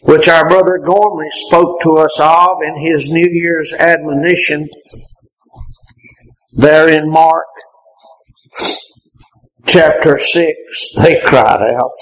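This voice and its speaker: Man, preacher, impassioned sermon, high voice, slow deliberate delivery. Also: a little hiss or hum, low-quality recording. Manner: impassioned, repeatedly rising into shouts. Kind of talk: fervent sermon.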